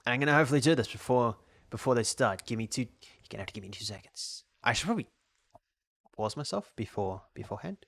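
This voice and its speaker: A man's voice: medium pitch, animated, fast talker, creaky, a bit bright, dry recording. An Australian man streaming a game and chatting casually, rambling and restarting his sentences as he answers chat. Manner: reads out and answers chat questions. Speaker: live streamer.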